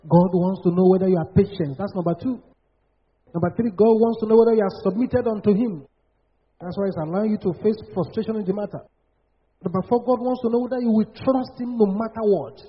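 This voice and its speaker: Man preaching, husky, high. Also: a little fast. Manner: declamatory, rising to shouted prophetic chanting. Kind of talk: sermon. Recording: dull lo-fi sound.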